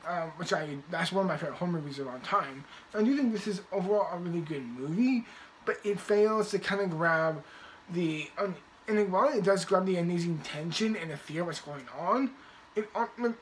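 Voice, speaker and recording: A man's voice: high-pitched, a little hiss or hum, low-quality recording. A man casually reviewing movies in a rambling way, with many restarts and the odd swear word.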